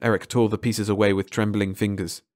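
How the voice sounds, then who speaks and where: Low-voiced man reading a story aloud. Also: flat delivery, brisk, no room sound, studio quality. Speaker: audiobook narrator. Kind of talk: scripted narration.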